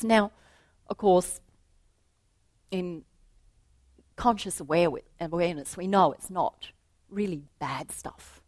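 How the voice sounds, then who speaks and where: A woman giving a reflective spiritual talk, telling a story to make her point in a gentle voice that often drops to a soft hush. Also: on the low side, slow, long pauses, dry recording. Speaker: spiritual teacher.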